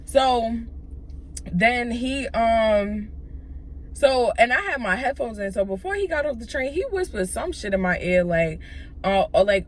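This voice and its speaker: A young adult woman vlogger telling a casual, profane story, animated and full of fillers. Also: on the high side, normal speed, slight background noise.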